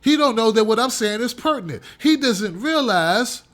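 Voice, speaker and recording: A man's voice: very high-pitched, lively intonation, normal speed, a bit bright. A man hosting his own show, delivering an emphatic, repetitive opinion monologue with a ranting edge. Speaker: show host.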